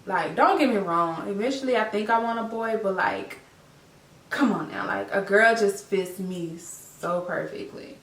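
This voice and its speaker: A woman's voice: medium pitch, measured pace, fairly bright tone. A young woman telling a heartfelt personal story to camera, tearful and repeating herself with many fillers. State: teary, crying. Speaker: vlogger, new mother. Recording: echoey room, voice a bit far from the mic.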